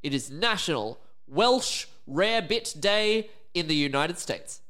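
A man's voice: sits high, measured pace. A playful man co-hosting a podcast in casual chat. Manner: playful, lively, laughing between lines. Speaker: podcast co-host.

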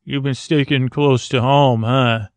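A man's voice: mid-range voice, fairly even intonation, measured pace, no echo, natural voice. A man voicing an easygoing, matter-of-fact father of many kids in a storybook tale, teasing and shrugging things off. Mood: reassuring.

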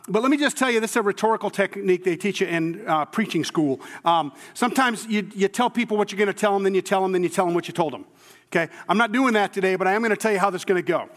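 A man's voice: high-pitched, fairly bright tone. A male pastor preaching a conversational sermon in a church sanctuary, telling stories informally with self-deprecating humor. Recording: long hall reverb.

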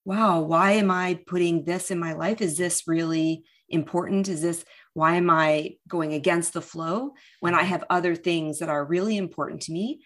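A middle-aged woman in casual conversation, speaking with emotion, often halting and restarting with fillers. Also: lowish voice, steady tone.

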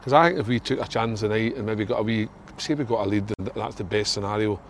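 A man's voice: on the low side, fast, slight background noise. A man with a Scottish accent, a former footballer co-hosting a casual podcast chat, rousing and emphatic. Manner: rousing, emphatic pep talk.

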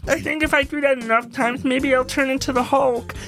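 A man's voice: very high-pitched, steady tone, fairly quick, fairly bright tone, faint music behind, voice pushed up. A man voicing a sulking, childish young male racing driver who whines and shrieks in a babyish tantrum. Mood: whiny.

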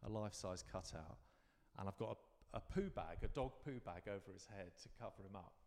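Fiftyish london guy rambling through memories, lots of restarts, lowish voice, big echoey room. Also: a little fast, vocal fry, a little mellow. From London, England. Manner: rambling, reflective storytelling with frequent restarts. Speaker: guest performer. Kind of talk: live interview chat.

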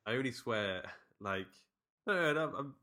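A man's voice: mid-range voice, expressive, a little slow, bright, forceful tone. A man co-hosting a podcast, recapping a horror film in loose, rambling casual chat that he often breaks off or laughs through. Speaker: podcast co-host.

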